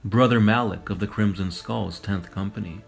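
A man reading a raspy, battle-worn armored soldier. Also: lowish voice, moderate pace, soft background music. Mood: wary.

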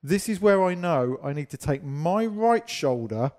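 A man's voice: fairly high pitch, lively intonation, a little slow, a little mellow. A man teaching a partner dance, explaining steps and counting beats in a chatty, self-deprecating way while losing his voice.

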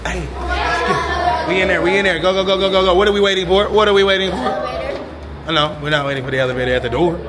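Loud playful man filming a mall vlog. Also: high voice, fast talker. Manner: loud, playful, slangy, hypes up the kids. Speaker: vlogger and dad. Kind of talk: casual vlog chat. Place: indoors, busy shopping mall. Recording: noisy crowded mall audio. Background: crowd chatter and noise.

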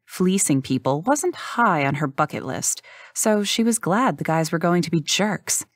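A woman narrates an audiobook in a measured, even storytelling style. Her voice is lowish, and the studio-quality recording has no echo.

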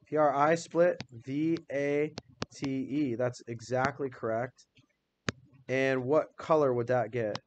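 A man's voice: medium pitch, fairly even intonation, slow pace, background noise. A male teacher leading a classroom phonics lesson, patiently spelling words out letter by letter and quizzing students by name.

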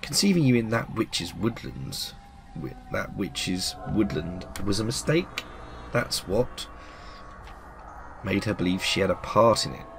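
Man doing a sly, hushed demon. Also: lowish voice, expressive, vocal fry, background noise. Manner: silky, mocking, slow and hushed. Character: sinister male demon bargaining for souls. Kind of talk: reading game dialogue aloud in voices.

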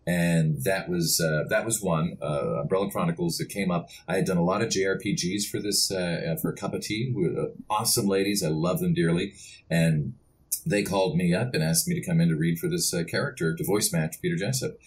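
Low-voiced man telling stories. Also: a little fast. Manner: rambling, animated storytelling with many restarts. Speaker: voice actor guest. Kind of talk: casual podcast interview.

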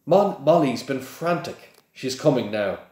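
A man reading aloud and voicing an excitable, balding middle-aged wizard father in a high, eager voice, in an echoey room. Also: a little slow, natural voice. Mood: anxious.

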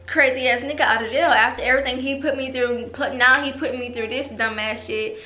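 A woman's voice: on the high side, normal speed. Echoey young woman telling a storytime. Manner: animated, profane storytelling with lots of fillers. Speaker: vlogger. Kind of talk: storytime vlog. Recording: echoey room with music behind.

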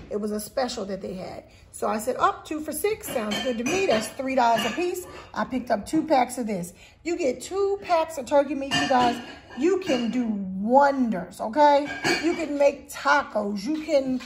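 A woman's voice: a little high, darkish tone, slight background noise. A woman hosting a casual grocery haul video at home, chatting straight to her viewers. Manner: chatty, keeps addressing viewers directly. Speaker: vlog host.

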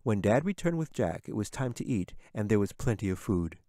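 A man with a fairly low voice reads his own fantasy story aloud as an audiobook. He keeps a measured, steady storytelling pace. The sound is dry and close, with no room echo. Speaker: author reading his own book. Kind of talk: audiobook narration.

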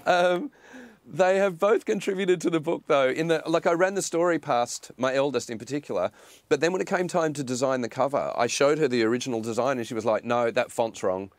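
A man's voice: fairly high pitch, a little fast. A middle-aged Australian comedian, a man, joking and laughing often as a guest on a remote video call. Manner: playful, self-mocking, laughs often. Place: remote link from abroad.

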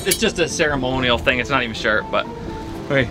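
A man's voice: mid-range voice, a little fast. A man hosting a casual outdoor vlog on a boat, enthusiastic and jokey. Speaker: vlogger, channel host. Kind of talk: casual upbeat vlog chat. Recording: background music under the voice.

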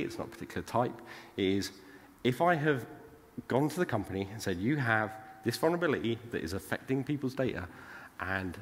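A British man giving a casual conference talk, chatty and forever checking in with "right?". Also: fairly low pitch. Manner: chatty, tags lines with "right?". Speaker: conference speaker. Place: large conference hall. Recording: long hall reverb.

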